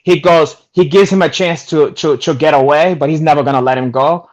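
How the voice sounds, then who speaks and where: Man, casual chat, higher-pitched voice, excitable, profane, stumbling restarts. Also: brisk. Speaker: guest.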